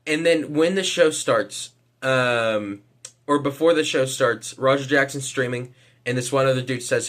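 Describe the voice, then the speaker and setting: A man's voice: mid-range voice, normal speed, a bit bright. A man giving casual vlog commentary, hesitant, with lots of fillers and casual swearing. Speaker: vlogger.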